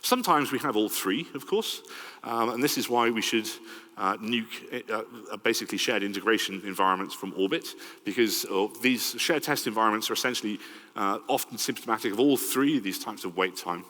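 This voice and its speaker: A middle-aged man with a Welsh accent speaks in a slightly low voice as he presents a conference talk. He keeps it conversational and lively, tossing in "right?" as he goes. The sound carries the long reverb of a large hall. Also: a little fast.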